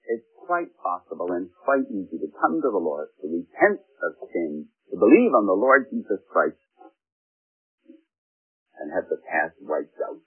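A man's voice: low-pitched, measured pace, husky. Older man preaching over tinny radio. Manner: earnest, expressive preaching with swelling emphasis. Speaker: radio Bible teacher. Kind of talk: radio sermon. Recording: tinny phone-like radio broadcast.

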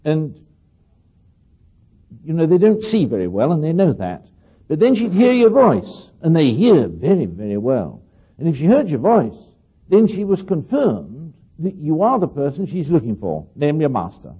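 This older man's talk meanders through anecdotes as he asks listeners questions and slips into little acted voices. His fairly high voice has a dark, slightly rough tone, and the audio is dull.

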